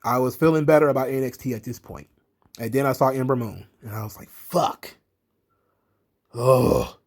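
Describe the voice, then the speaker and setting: Recapping a wrestling show, this male commentary host is blunt, sarcastic, and laid-back, with frequent swearing. He speaks at a medium pitch and a quick pace.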